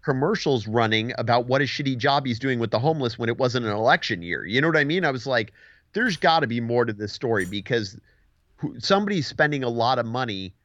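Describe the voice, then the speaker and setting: A man's voice: medium pitch, lively intonation, fast, a bit bright. A man in casual podcast chat, talking in an easy, agreeable, rambling way. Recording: dull, dry lo-fi audio.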